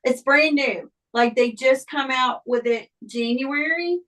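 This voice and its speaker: A woman's voice: high voice, a bit bright, low-quality recording. A woman chatting as a guest on a sewing livestream, hesitant and full of ums. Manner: slow, hesitant, with many ums. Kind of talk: casual chat.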